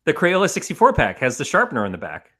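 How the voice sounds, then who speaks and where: A man's voice: on the high side, huge pitch swings, fast talker, bright, forceful tone. A man co-hosting a podcast, rambling in casual, profane banter and laughing often. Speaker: podcast co-host.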